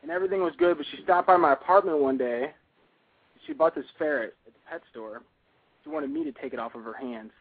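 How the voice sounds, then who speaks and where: A husky-voiced young man tells a rambling story in an offhand, matter-of-fact way. His voice sits a touch high for a man. It comes through a tinny, dry phone line. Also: wildly swooping pitch, fairly quick, no room sound. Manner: offhand, matter-of-fact about dark details.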